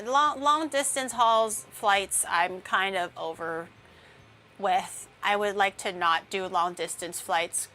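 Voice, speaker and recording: With a pushed, bright mid-range voice, a young woman chats casually on her VTuber livestream while baking at home, rambling playfully and filling her talk with fillers.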